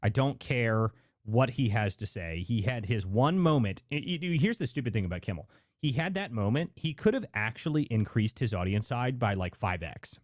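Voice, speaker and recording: A male livestream host delivering casual political commentary in a medium-pitched voice. He rambles and repeats himself emphatically, leaning on filler words. The sound is close and dry, with no room around it. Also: lively intonation, moderate pace, no room sound. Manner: rambling, emphatic, heavy use of "like".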